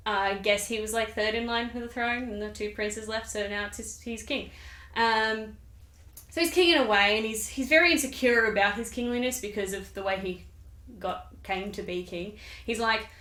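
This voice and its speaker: A woman's voice: fairly high pitch, normal speed, fairly bright tone. A woman hosting a comedic summary of a play, chatty and sarcastic, with rambling asides. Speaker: video host. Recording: roomy echo.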